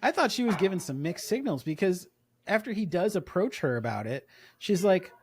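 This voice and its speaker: A man co-hosting a casual podcast, rambling and animated, often acting out characters' lines in quick impressions. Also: high voice, slightly rough. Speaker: podcast co-host.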